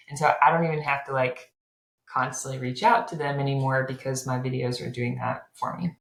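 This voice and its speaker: A woman's voice: a bass voice, fairly even intonation, a little fast, roomy sound, low-quality recording. A woman, a loan officer telling client stories in a casual interview, chatty and full of "like" fillers. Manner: chatty storyteller, many "like" fillers.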